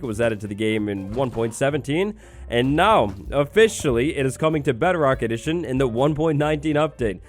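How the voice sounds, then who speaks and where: Excitable man doing gameplay commentary. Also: mid-range voice. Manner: excitable, upbeat, talks to the game creature. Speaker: gaming video host.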